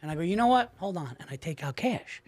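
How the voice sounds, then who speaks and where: A man in his forties hosting a podcast, telling quick stories and acting out the people in them. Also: fairly high pitch, expressive, darkish tone. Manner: rapid storytelling, acts out voices. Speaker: podcast host. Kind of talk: casual chat.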